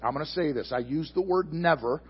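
A man preaching a sermon into a microphone before a congregation, asking them questions and swinging from loud emphatic bursts to soft, slow asides. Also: on the high side, breathy edge, muffled recording. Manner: addresses the congregation directly with questions. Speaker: pastor. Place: church sanctuary before a congregation.

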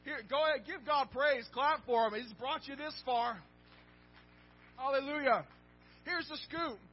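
High-voiced emphatic preacher man. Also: a little slow. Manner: emphatic, storytelling with call-and-response. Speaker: pastor. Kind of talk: sermon. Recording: dull lo-fi recording with faint music.

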